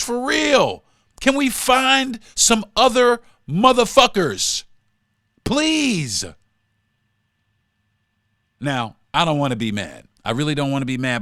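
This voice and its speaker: A man hosting a podcast, delivering a heated, profane rant that swings between loud outbursts and low muttering. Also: no room sound, clean studio sound. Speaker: podcast host. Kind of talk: profane ranting monologue.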